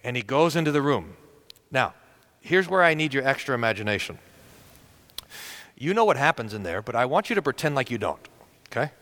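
A man's voice: mid-range voice, very animated, brisk, pauses often, fairly bright tone. A male pastor preaching a sermon in a conversational storytelling manner, often restarting his sentences.

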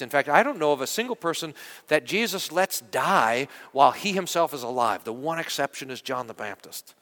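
Preaching with lively, chatty energy, this pastor often circles back and repeats himself as he thinks out loud. His slightly high voice comes across bright and forceful, and the church's long reverb lingers after every phrase.

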